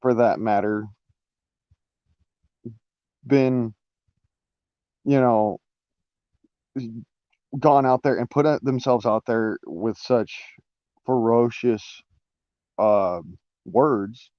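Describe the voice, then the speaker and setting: A man speaks in a casual live-stream monologue at an ordinary middle pitch, wandering through his point with fillers, restarts and the odd curse. The sound is dry and close, with a slightly dull, lo-fi edge from the mic. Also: very slow, pauses often, dry recording. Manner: rambling, many restarts and fillers, swearing.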